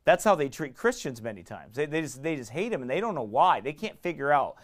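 A middle-aged pastor, preaching a sermon in fiery, emphatic bursts that swing from quiet asides to raised shouts. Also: male voice, a little high, very animated, fairly quick.

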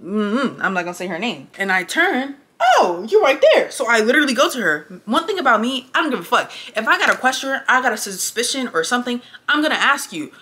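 A young woman with a bright, ringing voice tells a personal story straight to camera. Her delivery is animated and blunt, full of swearing. She sounds casual and close to the mic indoors. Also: fairly high pitch, fast talker, few pauses. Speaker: vlogger. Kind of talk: casual storytime while getting ready.

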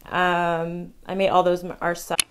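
Young female vlogger, lower register, chatty and quick, casual to-camera tips. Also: monotone, background noise. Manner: chatty, rambling, many ums and restarts; talks fast. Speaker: vlogger sharing wedding tips.

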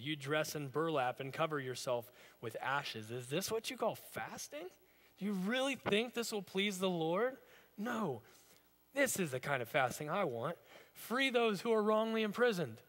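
Bright-voiced male pastor preaching. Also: fairly high pitch, in a large hall. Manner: conversational, storytelling preaching. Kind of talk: sermon. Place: church sanctuary.

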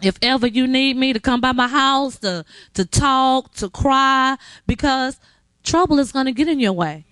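Brief: woman, heartfelt preacherly tribute, fairly high voice, dry close sound. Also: animated, normal speed, fairly bright tone, smooth, no room sound. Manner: emotional, encouraging, preacherly. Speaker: recovery center staff member giving award. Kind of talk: heartfelt address to a graduate.

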